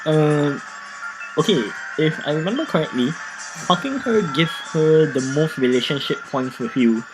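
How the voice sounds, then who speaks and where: A let's play host reading adult game text aloud, stumbling, repeating words and breaking off to joke. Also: male voice, on the high side, expressive, normal speed, poor audio. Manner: joking, easily embarrassed. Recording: with background music.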